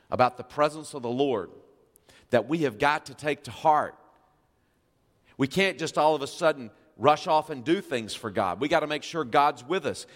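A man's voice: medium pitch, fairly bright tone, in a large hall. A male pastor preaching a sermon, reading scripture and asking the congregation questions with emphasis.

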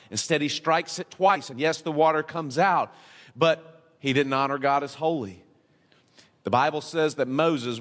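A male pastor preaching a sermon, asking his listeners question after question and swinging between quiet, low stretches and emphatic peaks. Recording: long hall reverb.

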